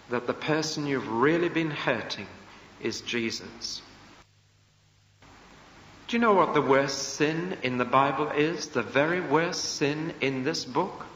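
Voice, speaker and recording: A man's voice: medium pitch, a bit bright, a little hiss or hum. A man preaching a sermon to a congregation, emphatic and full of rhetorical questions, recorded live in a church. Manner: emphatic, rhetorical questions, acts out quoted voices. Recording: echoey church hall, dull lo-fi.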